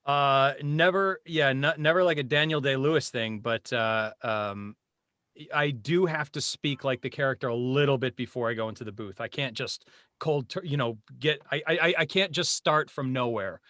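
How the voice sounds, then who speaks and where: Bright-voiced man chatting as a guest. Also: mid-range voice, moderate pace, no room sound, clean studio sound. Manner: animated, laughs often, slips into character voices. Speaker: voice actor guest. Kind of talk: casual podcast chat.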